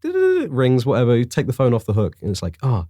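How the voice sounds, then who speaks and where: A young man, telling a story in a casual podcast chat, excitable and swearing freely. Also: mid-range voice, fast, no echo, clean studio sound. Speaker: podcast co-host.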